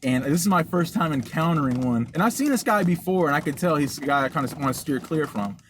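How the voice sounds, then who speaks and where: A young man tells a story in an animated, swear-heavy, emphatic way, his voice sitting fairly high for a man. He sounds like he is talking in a moving car. Loud road and cabin noise runs under every word. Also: fast. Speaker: podcast co-host. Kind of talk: casual storytelling chat. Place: car during a delivery drive.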